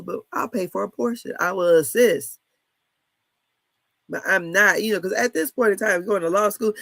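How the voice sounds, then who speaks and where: A woman's voice: lowish voice, creaky, a bit bright, no echo. A woman in her fifties chatting casually about a reality show, candid and blunt, laughing often and cussing freely. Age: 50s. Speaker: reality TV commentator. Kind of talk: casual chat.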